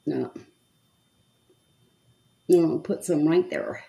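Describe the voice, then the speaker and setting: A woman's voice: low voice, wildly swooping pitch, slow, gravelly, warm tone. A woman in her seventies doing her makeup on camera, chatting to her viewers and muttering to herself as she works. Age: 70s. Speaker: makeup vlogger. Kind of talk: casual chat while doing makeup.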